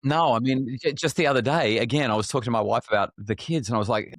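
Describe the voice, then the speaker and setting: A man's voice: mid-range voice, expressive, fast talker, few pauses, fairly bright tone, no room sound, clean studio sound. A middle-aged man with an Australian accent, a parenting expert speaking candidly in a podcast interview, with frequent restarts. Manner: frank and self-deprecating, many restarts.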